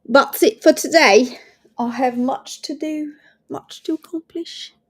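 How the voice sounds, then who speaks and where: A woman voicing herself in an exaggerated, playful put-on accent, drawing out her words. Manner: drawn-out, high, playful delivery.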